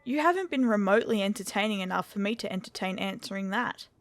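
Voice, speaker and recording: A woman's voice: medium pitch, animated, quick pace, no room sound, soft background music, natural voice. A woman voicing a bored, menacing man who cannot be killed, speaking with cool scorn. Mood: scornful. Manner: scornful, coolly threatening.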